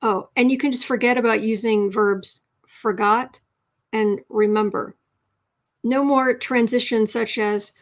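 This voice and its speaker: A woman with a slightly high voice hosts a casual writing livestream from her desk. She teaches in a chatty, unhurried way and thinks out loud as she goes. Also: steady tone. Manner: chatty, reads chat messages aloud, thinks out loud.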